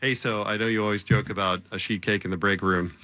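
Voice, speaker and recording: A man's voice: on the low side, fairly even intonation, fast talker, pushed and bright, no echo. A man, the station boss, joining the radio show for casual, playful banter. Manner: playful, amused. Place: radio studio.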